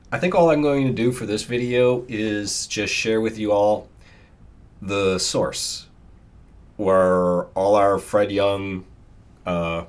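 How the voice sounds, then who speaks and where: A man introducing a clip in a subdued, halting vlog tribute. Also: lowish voice. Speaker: vlogger.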